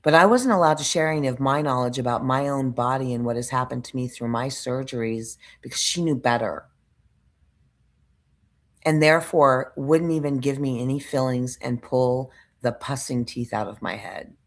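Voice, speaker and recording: Gravelly low-voiced woman telling a story. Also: moderate pace. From United States. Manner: frustrated, rambling retelling with restarts and searching for words. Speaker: vlogger. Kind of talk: casual storytelling monologue.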